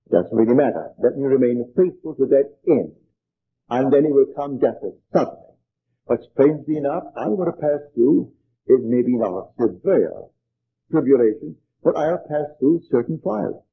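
Husky older man lecturing on tinny tape. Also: medium pitch. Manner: earnest, measured storytelling. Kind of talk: spiritual lecture. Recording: tinny old archival tape.

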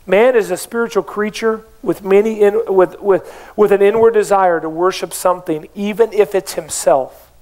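Man, pastor preaching, fairly high voice, emphatic, rhetorical questions. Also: steady tone, normal speed, a little mellow. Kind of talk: sermon. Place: church.

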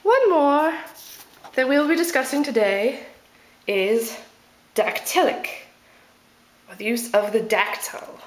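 Woman teacher explaining poetry, fairly high, unhurried voice; playful asides; echoey room. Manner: slow and deliberate, playful asides, sounding out stresses.

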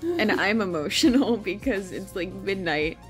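A woman's voice: medium pitch, lively intonation, unhurried. A young woman vlogging casually at night, tired and emotional, laughing and swearing often. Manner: giggly, swearing, laughs a lot. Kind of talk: casual convention vlog chat. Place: hotel room at night. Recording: music playing behind.

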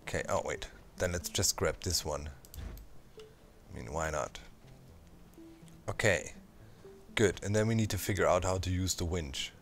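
A man hosting a gameplay channel, chatting casually and thinking out loud as he plays, throwing in little sound effects. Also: low voice, unhurried, long pauses, faint music behind. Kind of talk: casual let's-play commentary.

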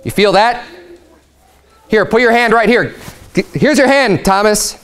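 Patient, coaxing adult man voiced by a male preacher, higher than usual. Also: a little slow, fairly bright tone, smooth. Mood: reassuring. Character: risen adult male Jesus, patient and reassuring.

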